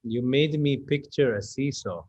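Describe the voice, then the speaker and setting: A man hosting an interview show, asking questions in a reflective, soft-spoken way with fillers. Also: mid-range voice, unhurried, muffled recording. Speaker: interview host. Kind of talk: casual interview chat.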